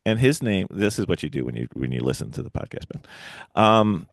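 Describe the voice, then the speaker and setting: A man hosts a casual racing podcast in a low, gravelly voice. He tells stories and jokes, swinging his pitch dramatically. The sound is dry and close. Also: brisk, dry recording. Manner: joking, animated storytelling. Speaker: podcast host. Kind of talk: casual chat.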